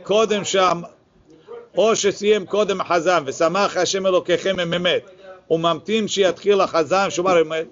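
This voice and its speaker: A man teaching a Talmud class, reading the source text quickly and then explaining it in a casual way. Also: high-pitched, a bit bright. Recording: lo-fi, muffled recording.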